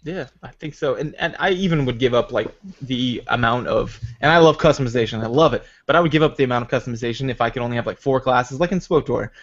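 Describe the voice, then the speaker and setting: A man hosting a podcast, chatting excitedly and rambling about video games. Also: medium pitch, quick pace, hardly any pauses, lo-fi sound. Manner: excitable, rambling gamer talk. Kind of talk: casual chat.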